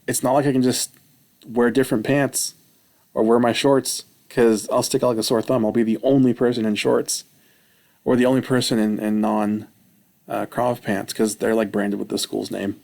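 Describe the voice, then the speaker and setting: A man vlogging, telling a rambling personal story with self-mocking, animated retelling. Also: medium pitch, moderate pace, vocal fry.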